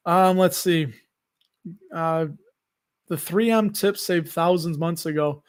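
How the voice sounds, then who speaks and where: A man's voice: sits high, fairly even intonation, a little slow. A man with a Chicago accent hosting a live investing stream, chatting casually, joking and laughing often as he reads comments.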